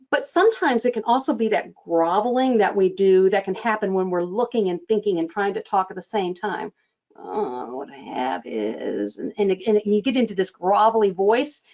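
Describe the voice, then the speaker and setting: Lively woman coaching phone skills. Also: fairly high pitch, highs cut off. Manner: lively, demonstrative, acts out sample phone lines. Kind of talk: instructional talk.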